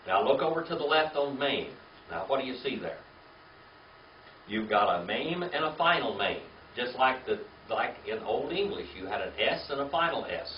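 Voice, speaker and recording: A man's voice: medium pitch, lively intonation, normal speed, a little hiss or hum. A man teaching a Bible class, patiently stepping through letters and checking in with "okay?" and "all right?". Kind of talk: classroom lecture. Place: church classroom with a live audience. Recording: roomy, distant, dull lo-fi room recording.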